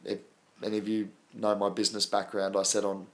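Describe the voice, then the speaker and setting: A man's voice: lowish voice, completely flat delivery, fairly quick, a bit bright. Australian man chatting on a livestream. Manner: chatty, addresses viewers as bro and man. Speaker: crypto livestream host. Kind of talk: casual live-stream chat.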